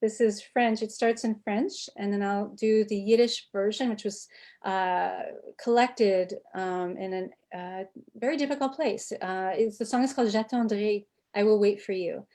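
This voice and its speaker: A woman anthropologist telling a personal story on a video call, animated and often restarting her sentences. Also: medium pitch, moderate pace. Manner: animated, self-interrupting storyteller. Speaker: anthropologist and author, guest.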